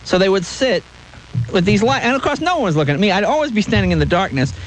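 A man who talks fast and rides his pitch up and down, with a voice that sits a little high for a man. He tells his stories as an interview guest and slips into voices for the people in them. Faint noise hums behind him. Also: low-quality recording. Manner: animated, acts out voices in stories. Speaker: guest comedian. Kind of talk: anecdotal interview storytelling.

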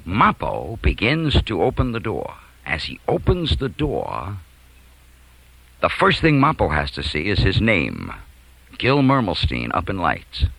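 A man telling a comic school anecdote, chuckling and swinging from hushed to loud. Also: deep voice, unhurried, gravelly, slightly rough, no echo, poor audio. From New York. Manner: animated, chuckling, big swings from quiet to loud. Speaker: storyteller. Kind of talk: comic anecdote told to an audience.

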